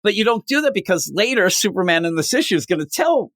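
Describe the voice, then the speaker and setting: A man's voice: big pitch swings, fast, fairly bright tone, no echo. Rambling man with a dry close sound. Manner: rambling, acts out characters' lines with big pitch jumps. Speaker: podcast co-host. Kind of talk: casual chat reviewing comics.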